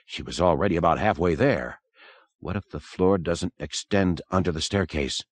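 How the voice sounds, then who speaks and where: A man narrating a horror audiobook in an expressive, dramatic manner. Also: deep voice, moderate pace, no room sound. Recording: dry close recording.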